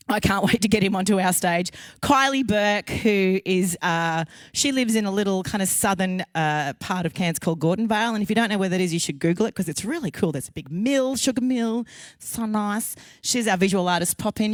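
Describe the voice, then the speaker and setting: A woman's voice: medium pitch, dry recording. Chatty Australian woman hosting a show. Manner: chatty, playful and emotional, jokes at herself. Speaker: host. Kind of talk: live stream show hosting. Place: studio kitchen. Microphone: handheld mic on a lead.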